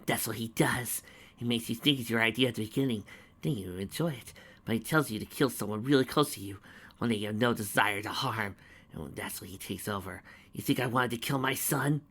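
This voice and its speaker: A man's voice: lowish voice, fairly quick, a bit bright, breathy edge. A man voicing a tormented pegasus mother who pleads through tears. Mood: bitter. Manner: pleading, tearful. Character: tormented young mother pegasus mare, desperate.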